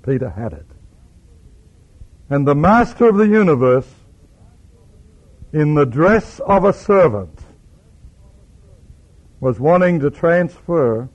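In a dull lo-fi recording, a preacher with a darkish, mid-range voice delivers a sermon. He dramatizes his stories, voicing the characters' words as he acts them out.

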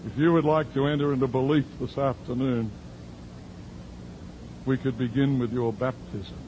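A man's voice: medium pitch, steady tone, moderate pace, darkish tone, a little hiss or hum, poor audio. A male pastor preaching a sermon as a story, with dry, sarcastic asides.

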